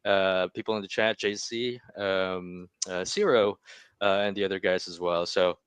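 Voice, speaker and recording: A man with a low, smooth voice co-hosting a sports chat. He speaks haltingly, filling gaps with ums and uhs. The sound is dry and close. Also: steady tone, fairly bright tone, no echo. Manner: hesitant, lots of fillers. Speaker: podcast co-host.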